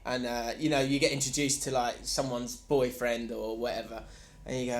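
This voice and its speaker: A man with a Cockney accent co-hosting a football podcast, chatting and telling stories with quick asides. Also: mid-range voice, little pitch movement. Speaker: podcast co-host. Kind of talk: casual chat.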